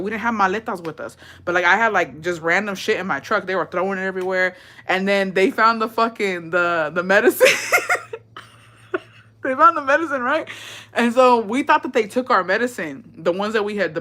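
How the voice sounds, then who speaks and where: Bright-voiced young woman, profane storytelling. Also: mid-range voice. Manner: profane, slangy, mixes in Spanish words; animated retelling, laughs often. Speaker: vlogger. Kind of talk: casual storytime.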